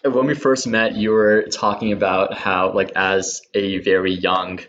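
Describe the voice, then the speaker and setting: A man's voice: lowish voice, fairly even intonation, unhurried, fairly bright tone. A man hosting a casual podcast chat, asking laid-back questions and laughing easily. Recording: dull lo-fi sound.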